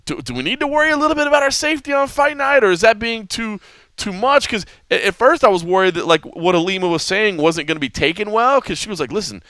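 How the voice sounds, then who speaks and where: A man hosting a sports podcast, telling stories in a casual, animated way with frequent restarts. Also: high voice, quick pace, no room sound. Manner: animated storytelling with many restarts. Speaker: podcast host.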